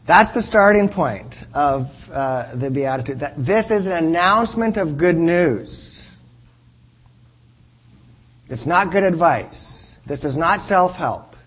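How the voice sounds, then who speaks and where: A man's voice: fairly high pitch, expressive, slow, a bit bright, breathy edge, rough recording. A man teaching in a sermon style. He speaks earnestly, repeats key phrases for emphasis and keeps checking in with his listeners. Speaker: preacher teaching a class.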